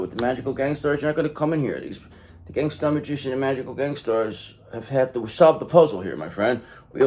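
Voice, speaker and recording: A man's voice: medium pitch, darkish tone. A man hosting a casual tarot reading, rambling and repeating himself as he talks effusively to his viewers. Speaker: tarot reader and channel host.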